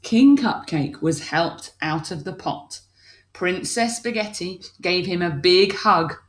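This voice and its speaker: A woman's voice: on the low side, takes it slowly. A woman teacher reading a picture book aloud to young children, asking them questions as she goes.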